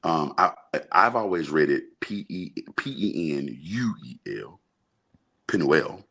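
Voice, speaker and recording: A man's voice: deep voice, expressive, unhurried, a bit bright. A man from Alabama, co-hosting a casual Bible chat and explaining things in a loose, thinking-aloud way, often checking in with "right?". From Birmingham, Alabama, US. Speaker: podcast co-host discussing the Bible.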